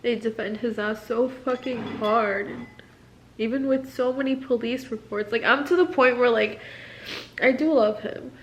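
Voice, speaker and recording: A woman's voice: fairly high pitch, a little slow, slight background noise. A young woman in a candid confessional vlog, distressed, rambling and swearing often, with lots of "like". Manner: rambling, profane, filler-heavy "like". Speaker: military spouse.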